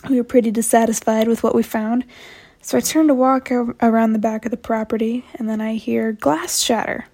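A young woman with a fairly high voice tells a story she sent in to a podcast. She talks in a chatty, self-mocking way, like she is recounting a wild teenage adventure to a friend. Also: steady tone, a little fast, darkish tone. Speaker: listener telling a story to a podcast. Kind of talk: casual storytelling.

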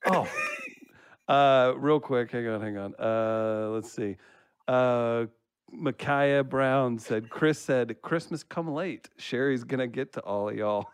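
A man's voice: medium pitch, slow, clean tone, no room sound, studio quality. A man co-hosting a podcast, reading listener comments aloud in casual banter and laughing often. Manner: laughs often while reading, relaxed joking.

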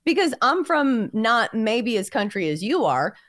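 A woman's voice: a little high, measured pace, no room sound, studio quality. A woman from the American South with a light Southern accent, co-hosting a podcast and chatting casually with her co-host. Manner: animated, chatty, questioning. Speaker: co-host, journalist. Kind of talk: casual chat.

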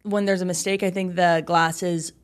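A woman co-hosting a podcast, chatting casually, upbeat and encouraging, quick to react. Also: fairly low pitch, little pitch movement. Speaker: podcast co-host. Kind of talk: casual chat.

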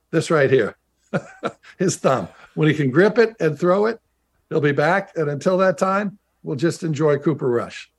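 A middle-aged ex-football pro turned broadcaster recounts stories over a video call in a remote interview. His voice, on the high side, is creaky and husky, and he restarts chattily and repeats things emphatically.

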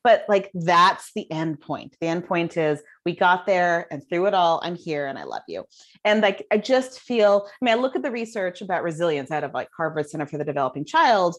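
A middle-aged woman, a child development author appearing as a guest, chats casually in an interview and tells animated stories packed with fillers. Her voice is on the low side and she talks a little fast.

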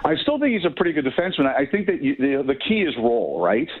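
Breathless hockey insider on a tinny line. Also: male voice, mid-range voice, very animated, a little hiss or hum. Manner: halting, many fillers and restarts. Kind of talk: phone interview.

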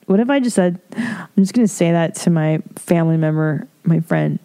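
Lady doing a solo podcast, lowish warm voice, cusses, cracks herself up reading an article. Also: moderate pace, long pauses, smooth. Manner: blunt and profane, laughing asides; reads from an article and comments. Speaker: podcast host. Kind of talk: casual solo podcast monologue.

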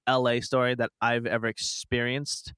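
A man in his twenties hosting a podcast, telling a long story in casual chat, rambling and animated with frequent restarts. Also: mid-range voice, moderate pace, clean tone, no echo. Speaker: podcast host.

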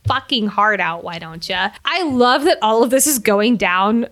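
A woman co-hosting a podcast, chatting casually about a book, animated, laughing often and swearing casually. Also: medium pitch, a little slow. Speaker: podcast co-host.

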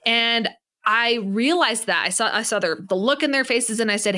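A woman's voice: on the high side, normal speed, bright, forceful tone. Female business coach guest; emphatic, preachy motivational delivery. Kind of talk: podcast interview.

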